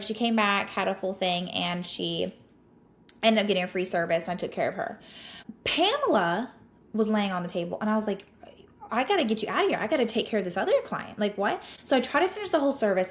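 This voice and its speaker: A woman, a podcast host telling a client story in a casual, animated, exasperated way with lots of "like". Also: medium pitch.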